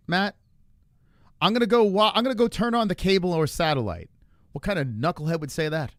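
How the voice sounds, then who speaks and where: A man's voice: medium pitch, no room sound. A man hosting a casual livestream, ranting and joking with chat, often profane and mocking. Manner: ranting, mocking a chatter in a put-on voice; profane and jokey. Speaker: livestream host.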